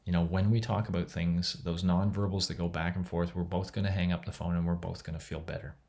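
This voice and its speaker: A man's voice: sits low, little pitch movement, quick pace. A middle-aged man giving a casual recorded lecture from home, talking in a conversational, rambling way. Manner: conversational, rambling with restarts and soft laughs.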